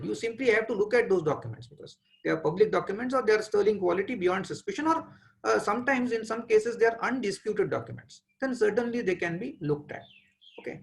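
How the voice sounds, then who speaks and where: Indian guy in his 40s lecturing on a webinar, kinda high voice, gravelly, lots of uh pauses. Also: rough recording. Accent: Indian English. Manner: measured, thinking aloud with frequent "uh" pauses. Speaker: trial lawyer lecturing.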